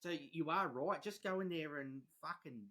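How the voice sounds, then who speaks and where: A man's voice: on the high side, normal speed, a bit bright. A man, a filmmaker speaking enthusiastically and with some swearing in a casual roundtable chat.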